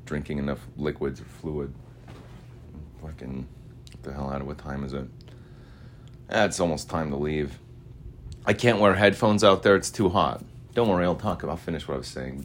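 Deep-voiced guy from Utah, restless, rambling solo talk with loud and mumbled stretches. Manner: restless, repetitive, swings between loud chanting and mumbling asides. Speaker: podcaster. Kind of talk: rambling monologue voice message.

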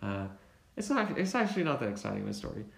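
A young man in casual chat, telling a rambling story in a relaxed way, full of fillers. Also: mid-range voice, quick pace, gravelly. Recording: roomy echo.

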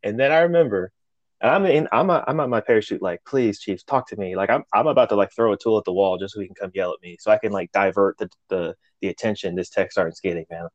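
Low-voiced man telling a rowdy story. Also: fast, no room sound, highs cut off. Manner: animated, profane, acts out quotes. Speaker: podcast co-host. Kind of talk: casual storytelling chat.

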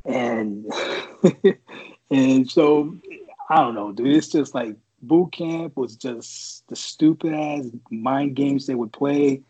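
A man from San Francisco with a husky voice tells crude stories in a loose, conversational way. He fills his speech with like and you know. The recording sounds a little dull and lo-fi. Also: mid-range voice, slow, warm tone. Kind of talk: casual chat, storytelling.

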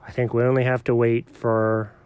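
A man voicing a pedantic, literal-minded male character who speaks in a deadpan way. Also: medium pitch, normal speed, clear, resonant tone, no room sound, voice pushed down, lightly acted. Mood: calculating.

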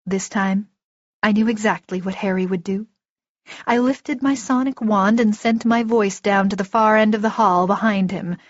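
A woman narrating a first-person audiobook in a steady, vivid storytelling manner. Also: medium pitch, normal speed, no room sound. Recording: dull lo-fi recording, dry.

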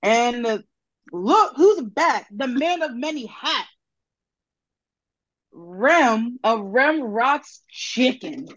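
A woman fills in as host of a laid-back podcast and brings her guests on with playful hype. Her voice sits a little high. The sound is dull and dry, like a cheap lo-fi mic. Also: animated, very slow, pauses often, a bit bright, no echo. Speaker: stand-in host. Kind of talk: casual podcast chat.

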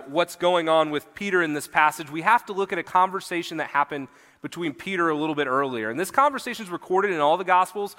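High bright-voiced preacher in a hall. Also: male voice. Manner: earnest preaching, reads scripture aloud, occasional fillers. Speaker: pastor. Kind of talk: sermon. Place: church hall.

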